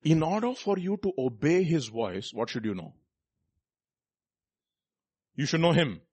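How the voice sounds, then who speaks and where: A male preacher with a husky voice that sits a little high and swings widely in pitch. He asks the listeners emphatic rhetorical questions and reads scripture between his points, close and dry, with no room around him. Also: sing-song, unhurried, a little mellow, dry recording. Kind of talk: sermon.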